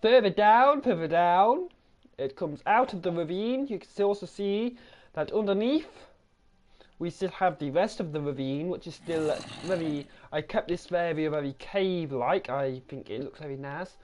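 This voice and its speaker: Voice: medium pitch, moderate pace, a little mellow. A gaming channel host, giving a casual, rambling tour of a game world, correcting themselves and repeating the same praise.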